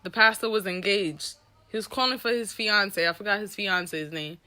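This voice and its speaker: A young woman telling a candid personal story with an animated, profane delivery, acting out the people she quotes. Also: mid-range voice, normal speed. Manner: animated, profane, reenacts dialogue.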